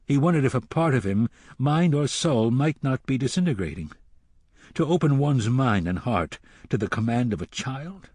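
A man reading an audiobook novel in measured narration, dropping to a hush at times. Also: medium pitch, very animated, husky, dry recording, studio quality.

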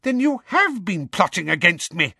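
A man voicing a blustering, excitable older male minister with a shrill, barking manner. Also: measured pace, breathy edge, dry recording, clean studio sound, full character voice. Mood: outraged.

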